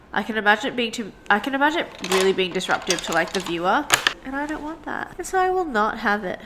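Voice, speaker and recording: A young woman, an illustrator and vlogger, chats casually to viewers as she sketches at her home desk beside a sunny window, rambling and filling her talk with "like." Her mid-range voice sounds bright and forceful, with slight background noise.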